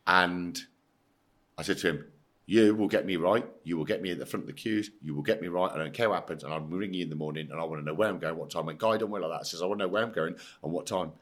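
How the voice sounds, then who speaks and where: A man's voice: low voice, fast talker, fairly bright tone. A middle-aged English man, a former footballer, telling his story bluntly and emphatically in a casual interview, swearing and acting out the dialogue. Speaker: podcast guest, former footballer.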